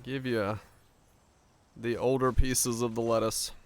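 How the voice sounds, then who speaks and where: A man's voice: medium pitch, level tone, slow pace. A man streaming a game, chatting casually and rambling between jokes. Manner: rambling, joking, laughs often. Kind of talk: casual gameplay chat.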